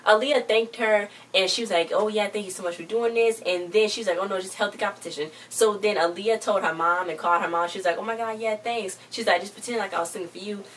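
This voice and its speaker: A young woman vlogger with a medium-pitched, fairly bright voice casually recaps a TV episode, rambling as she quotes the characters in quick succession. The mic is distant, with faint background noise.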